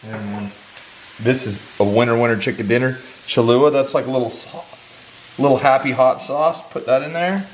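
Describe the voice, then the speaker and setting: A man's voice: mid-range voice, fairly even intonation, normal speed, slight background noise. Folksy Southern man cooking. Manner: emphatic, folksy, talks straight to viewers. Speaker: fishing channel host cooking for a guest. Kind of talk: casual on-camera chat while cooking. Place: home kitchen, indoors. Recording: echoey kitchen. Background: food sizzling in a pan.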